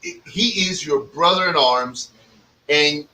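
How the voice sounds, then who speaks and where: A man from Cuba hosting a casual cigar podcast, talking in a profane, animated way and acting out other people's lines as he tells stories. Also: a little high, takes it slowly, echoey room, recorded from a distance, poor audio. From Cuban. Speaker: podcast host.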